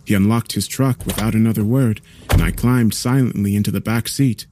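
A man narrating a horror story in a measured, somber way. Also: fairly low pitch, steady tone, background noise.

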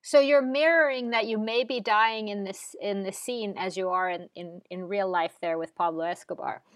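A woman's voice: mid-range voice, moderate pace, no echo. A woman interviewer asking probing follow-up questions.

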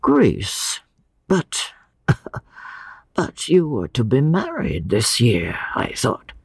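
A woman doing a soft, weary old man. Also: huge pitch swings, gravelly, husky, no room sound, clean studio sound, heavily acted. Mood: hushed. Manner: slow, soft, low and hushed.

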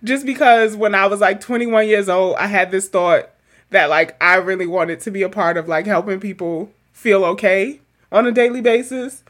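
Young woman podcast cohost, lively chatty therapist, laughs a lot, swears casually. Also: mid-range voice, moderate pace.

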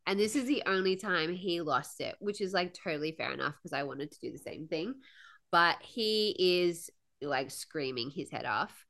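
A woman co-hosting a podcast, telling travel stories in a lively, laughing way. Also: on the low side, moderate pace, gravelly. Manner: animated, laughs often while telling stories. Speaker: podcast co-host. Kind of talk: casual storytelling chat.

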